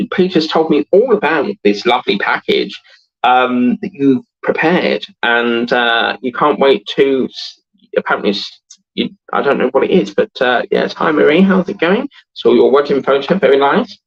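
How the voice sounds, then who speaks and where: A man in his thirties hosts a relaxed livestream and chats his way through viewer comments. He rambles, laughs easily and fills the gaps with ums. His voice is a little raspy, and the recording sounds dull and lo-fi. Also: mid-range voice, moderate pace. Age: 30s. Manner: chatty and rambling, laughs often, many fillers. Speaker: host of a model-building livestream. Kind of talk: casual livestream chat, reading out viewer comments.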